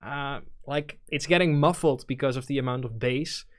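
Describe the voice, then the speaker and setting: A man's voice: medium pitch, normal speed. A man with a Dutch accent hosting a stream, talking casually as he gives technical feedback on music demos and thinks aloud. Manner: thinks aloud with fillers, explains technical points.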